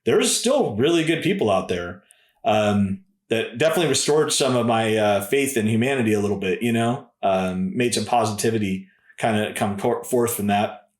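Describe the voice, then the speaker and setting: A man's voice: lowish voice, expressive, normal speed, reverberant. A man in his thirties, a podcast guest telling stories in a casual, laid-back way and often calling people "dude" and "man". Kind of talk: casual storytelling.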